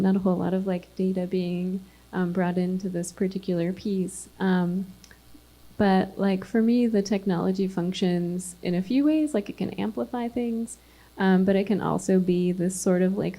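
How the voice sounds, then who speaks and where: A woman artist talks casually on a panel, her speech loose and full of fillers. Her voice is mellow and warm in tone, at an ordinary pitch. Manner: casual, frequent "like" fillers, light laughter.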